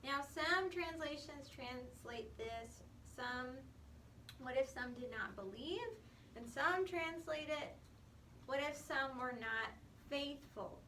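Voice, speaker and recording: A woman teaching a Bible study explains and stresses points at an unhurried pace, often saying "um" and "okay" in an emphatic, explanatory way. Her high, crisp voice is expressive, pushed and bright. She's recorded from far off across an echoey room, with faint room noise behind her.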